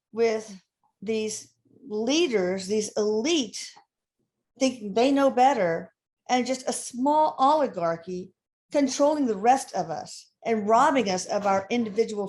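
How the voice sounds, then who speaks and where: A woman's voice: a little high, animated, a little slow, a little mellow. An older woman hosting an interview, talking earnestly in a rambling, casual way. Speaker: host.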